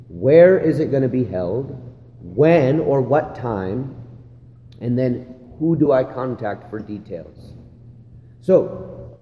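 Pastor, male, warm low-key delivery, chatty church-leadership lesson; long hall reverb, slight room hiss. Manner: conversational, repeats "right?" and "again". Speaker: pastor training other pastors. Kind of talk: church leadership teaching talk. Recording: long hall reverb, faint ambient noise.

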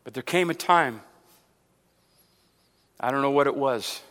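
A male preacher delivering a sermon, asking the congregation rhetorical questions, repeating words and building to loud emphatic passages. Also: a little slow. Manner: builds to loud emphatic stretches, then drops low. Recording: long hall reverb.

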